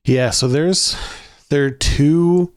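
A man's voice: fairly high pitch, slow pace, no echo, clean studio sound. A man co-hosting a podcast, talking chattily with lots of "like" and "um" in a casual discussion. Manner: chatty, filler-heavy, laughs often. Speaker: podcast co-host.

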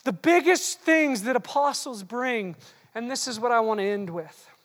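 A preacher delivering an animated, teasing sermon that swings between quiet asides and shouted bursts, recorded in a large hall. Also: medium pitch, moderate pace. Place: large hall with long reverb. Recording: long hall reverb.

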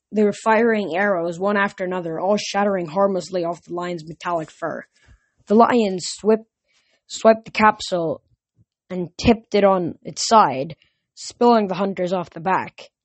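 A woman narrating a novel aloud in a steady storytelling manner. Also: mid-range voice, normal speed. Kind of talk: audiobook narration.

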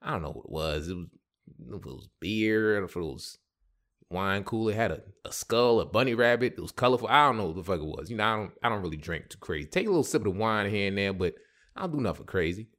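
Man, podcast host, comedic storytelling, slangy and animated, lowish voice, very lively pitch. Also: fast talker. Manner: animated, slangy, breaking into silly sound effects.

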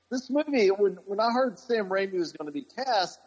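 A man with a husky, slightly breathy voice that sits a little high for a man. He chats casually as a podcast co-host, wandering through his points with lots of fillers and restarts. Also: rough recording. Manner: rambling, with many fillers and restarts. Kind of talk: casual chat.

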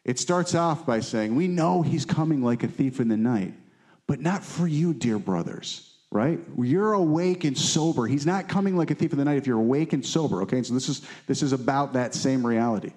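A man's voice: medium pitch, lively intonation, moderate pace, darkish tone. A married man preaching a sermon to his congregation, conversational and often checking in with his listeners. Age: adult, married. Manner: conversational preaching, frequent "right?" check-ins. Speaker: pastor.

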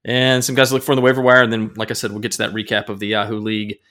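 A man's voice: fairly low pitch, completely flat delivery, fairly bright tone. A man co-hosting a casual sports podcast, upbeat and jokey, talking into a podcast microphone. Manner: upbeat, jokey, quick banter. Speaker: podcast co-host.

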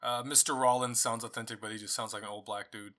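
A man's voice: medium pitch, steady tone, quick pace, sharp tone. A man hosting a book club podcast, talking casually through his thoughts on a novel with frequent restarts and asides. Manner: conversational, thinking aloud with many restarts and asides. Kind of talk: casual solo book review.

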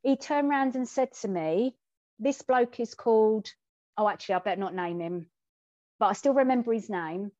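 A woman co-hosting a conversational podcast, telling a personal story in a candid, lively way and acting out the lines she quotes. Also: a little high, moderate pace, no echo. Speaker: podcast co-host. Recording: dull, dry and muffled.

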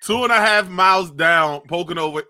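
A man co-hosting a casual podcast, reacting excitedly with quick laughs. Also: high-pitched. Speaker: podcast co-host.

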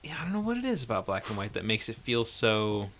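A man co-hosting a podcast, talking about films in a hesitant, halting way and laughing often. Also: lowish voice, big pitch swings, fairly bright tone. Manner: hesitant, many fillers and restarts, laughs often. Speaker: podcast co-host. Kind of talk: casual film discussion.

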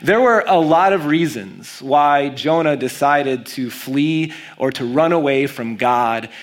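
A man preaching a sermon as a pastor, reading scripture aloud and stressing key words with animated emphasis. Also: medium pitch, takes it slowly.

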